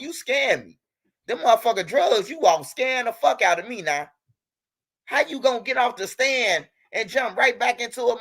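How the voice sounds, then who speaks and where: A man's voice: extremely high pitch, vocal fry, a bit bright. A young man in a heated, profane rant, repeating himself as he talks straight at a rival. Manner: angry, profane, repetitive, talking straight at a rival. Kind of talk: heated direct-to-camera rant.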